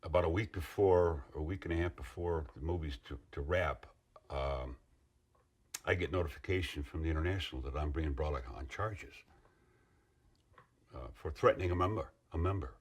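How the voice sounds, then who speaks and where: Deep, husky middle-aged man recounting. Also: moderate pace. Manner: rambling, earnest storytelling with restarts and asides. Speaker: interviewee, former union member. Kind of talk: interview recollection.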